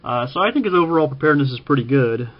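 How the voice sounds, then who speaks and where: Halting casual man from Kansas, lo-fi. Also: mid-range voice, lively intonation. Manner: halting, frequent ums and uhs, self-correcting. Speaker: vlogger ranking TV preppers. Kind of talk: casual spoken commentary.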